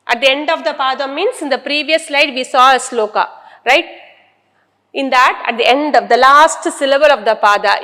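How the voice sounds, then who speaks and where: High-voiced woman teacher, echoey. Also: bright, forceful tone. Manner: explains step by step, repeating key terms. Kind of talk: classroom lecture.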